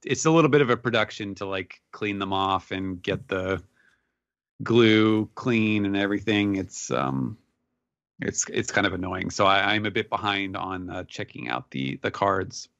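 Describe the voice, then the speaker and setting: Man, podcast co-host, low voice, easygoing, dry lo-fi recording. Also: moderate pace, vocal fry, fairly bright tone, no echo. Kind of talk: casual podcast chat. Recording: dry, dull lo-fi mic.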